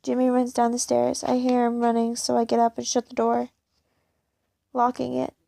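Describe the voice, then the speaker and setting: A woman reading a first-person fan fiction story aloud in a plain, unhurried way. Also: a little high, monotone, gravelly, dark tone, no room sound.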